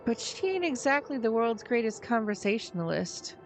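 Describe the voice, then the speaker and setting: A woman's voice: a little high, sing-song, moderate pace. A woman streamer reading the lines of a bitter, sarcastic boy from a story game, blunt and slangy. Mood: glum. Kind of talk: game dialogue read aloud.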